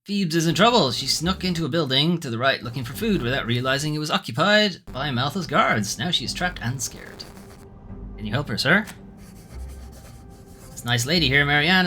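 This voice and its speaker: A man's voice: fairly high pitch, animated, fairly quick, pushed and bright, pitched above the performer's own voice. A man doing an earnest young street boy. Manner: earnest, pleading. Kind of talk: reading game dialogue aloud.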